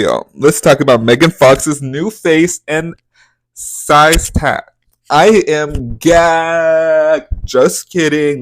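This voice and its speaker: A man's voice: on the high side, no echo. Dramatic young man dishing gossip. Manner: dramatic, profane, exaggerated outbursts. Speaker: podcast host. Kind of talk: casual gossip commentary.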